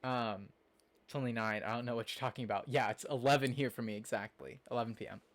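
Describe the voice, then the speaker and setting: A young man talks to his stream chat in a loose, rambling way. He fills his sentences with "like" and "um" and answers viewers as he goes. His voice sits at an ordinary middle pitch. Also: fairly even intonation, quick pace. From Nebraska, USA. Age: young adult. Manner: rambling, chatty, lots of fillers, reacts to chat. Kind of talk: casual live-stream chat.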